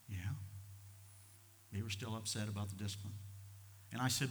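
An older man preaching a sermon, telling personal stories in a folksy, impulsive way that swings from soft to loud. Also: medium pitch, fairly even intonation, brisk, long pauses, big-room sound. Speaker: pastor.

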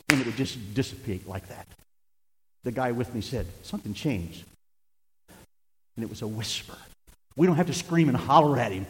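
An older man preaching a sermon as pastor, swinging between emphatic shouting and hushed, conversational asides. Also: mid-range voice, animated, normal speed, long pauses, long reverb tail, low-quality recording.

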